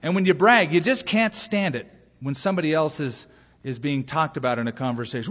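A male pastor delivers a sermon with a husky, fairly high voice that swings widely in pitch. He acts out short bits of dialogue as he preaches. The recording is muffled, and his voice carries a long hall reverb. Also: brisk. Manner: lively preaching, acting out dialogue. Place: church sanctuary.

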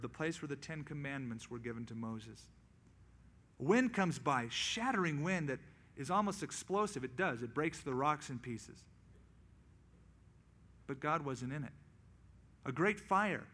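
A male pastor preaching a sermon, acting out quoted voices in lively storytelling. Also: medium pitch, moderate pace.

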